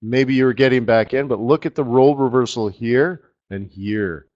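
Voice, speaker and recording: A man hosting a live trading webinar, walking viewers through charts in an excitable, slangy, chatty way. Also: mid-range voice, normal speed, few pauses. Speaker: forex trading webinar host. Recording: slightly dull lo-fi audio.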